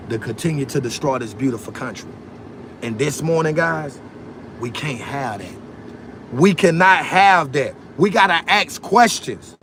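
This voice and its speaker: A man's voice: high-pitched, a bit bright, a little hiss or hum. A man hosting a political livestream, talking in a fiery, preachy way, repeating phrases and calling out to viewers for likes and amens. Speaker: livestream host.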